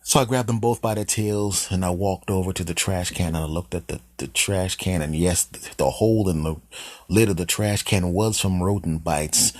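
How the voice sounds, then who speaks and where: A man in his fifties hosting, telling an absurd comic story with deadpan, rambling asides. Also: sits low, normal speed, no echo. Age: 50s. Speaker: comedian host.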